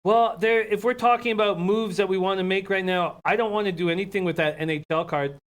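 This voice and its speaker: A man with a high-pitched voice co-hosts a casual betting chat. He talks through his hockey and basketball bets in an easy, conversational way. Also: fairly even intonation, a little fast. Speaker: sports betting show co-host.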